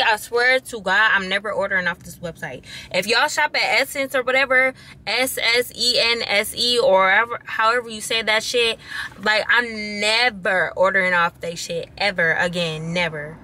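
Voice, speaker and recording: A woman's voice: fairly high pitch, sharp tone. A young woman in her twenties from the Midwest, venting and swearing in a casual vlog to her phone camera. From Wisconsin. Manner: venting, exasperated, swears freely. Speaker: vlogger.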